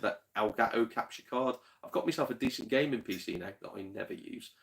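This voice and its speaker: A man with a Yorkshire accent hosts a laid-back gaming livestream, chatting and reading out viewer comments. He swears freely and laughs often, and his voice is lowish.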